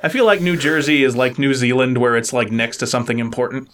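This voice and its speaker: A man's voice: medium pitch, fast talker, very noisy. Teasing young male podcast co-host. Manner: teasing, playful. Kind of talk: casual podcast chat.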